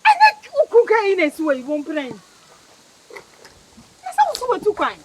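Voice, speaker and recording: A Ghanaian woman acting in a comedy skit, animated and exclaiming, mixing Twi and English. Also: extremely high pitch, fairly quick, no room sound.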